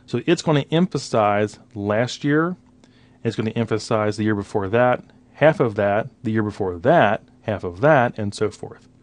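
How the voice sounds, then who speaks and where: A man's voice: fairly low pitch, animated, moderate pace. A man teaching a recorded slide lecture, patiently explaining numbers one step at a time. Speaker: instructor.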